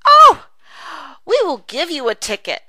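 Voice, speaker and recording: A woman voicing an excited little child in a read-aloud dialogue, with squealing delight. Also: very high-pitched, a little slow, no room sound, studio quality, voice pushed up, heavily acted.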